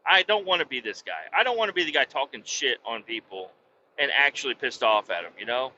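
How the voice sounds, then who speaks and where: A man co-hosting a podcast, telling a work story in a profane, animated, casual way. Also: fairly quick, lo-fi sound, a little hiss or hum. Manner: profane, animated, puts on a sweet high voice for quoted niceness. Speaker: podcast co-host.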